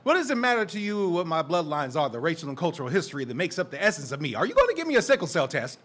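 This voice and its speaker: A man from Portland, Oregon performing a defiant, profane spoken word poem at an open mic, his voice building to shouted lines. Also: fairly high pitch, sing-song, very fast. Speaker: performing poet. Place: live open mic in a community center.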